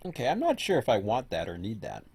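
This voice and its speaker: A man's voice: on the low side, huge pitch swings, fast, creaky, darkish tone, slightly rough. A man casually chatting and rambling to himself while he plays a train simulator game. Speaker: host. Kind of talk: casual gaming commentary.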